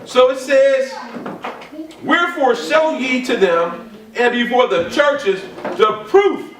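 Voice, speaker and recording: A man preaching a sermon, repeating his points with emphasis and building up to shouts. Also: extremely high pitch, slow. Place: church or ministry hall. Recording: echoey room from a distant mic.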